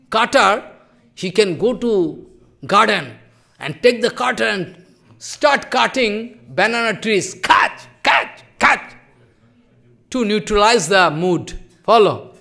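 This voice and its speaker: A man's voice: sits high, creaky, sharp tone. A man giving a devotional sermon, telling stories with emotion and repetition in broken English. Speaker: preacher.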